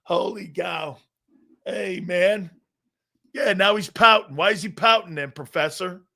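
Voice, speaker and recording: A man hosting a live football talk show, bantering loudly, laughing and swearing as he riffs. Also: sits high, a little slow, gravelly. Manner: animated, laughing, bantering, profane. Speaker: sports talk show host.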